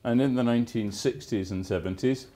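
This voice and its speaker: A man's voice: medium pitch, fairly quick, dark tone. A man giving a university lecture, with dry, wry asides and emphatic stresses on key words. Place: lecture theatre.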